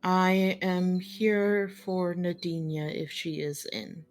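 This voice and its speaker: A woman voicing a stern, condescending older mother who speaks in a flat, clipped tone. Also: on the low side, takes it slowly, faint music behind. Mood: flat curt.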